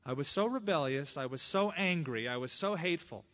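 A man's voice: fairly high pitch, a little fast. A man preaching a sermon with personal stories, acting out the voices of the people he quotes. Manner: expressive preaching that acts out quoted speech; personal testimony.

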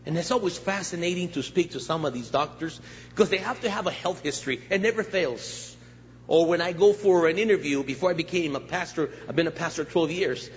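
An older male guest pastor preaching a sermon with jokes and stories, animated and laughing at his own lines. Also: on the high side, fairly quick. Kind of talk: humorous storytelling sermon. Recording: echoey church hall, dull muffled sound, faint hiss.

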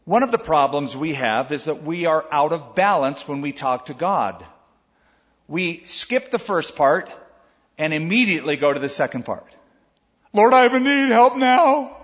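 An older man preaching a sermon as pastor, in a conversational, animated way with asides to his listeners. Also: on the high side, long reverb tail, highs cut off.

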